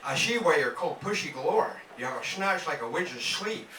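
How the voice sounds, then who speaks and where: A man doing a sly spy-film gentleman, muttered rather than performed. The tone is bright and a little higher than usual. The voice comes from well away from the mic in a roomy club. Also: animated, a little fast, a little hiss or hum. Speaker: audience volunteer. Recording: roomy club heard from far off.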